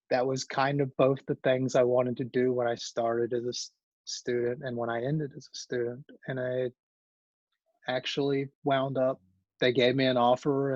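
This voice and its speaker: A man's voice: mid-range voice, no room sound. A man, an engineering librarian, telling his career story in an informal talk, rambling and correcting himself as he goes. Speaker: guest speaker, engineering librarian. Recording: dull lo-fi call audio.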